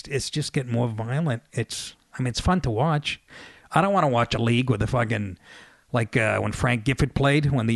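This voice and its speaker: A man's voice: medium pitch, no room sound, clean studio sound. Profane fifty-something New man. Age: 50s. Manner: profane, storytelling, laughs mid-sentence. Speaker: radio show host. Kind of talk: casual monologue.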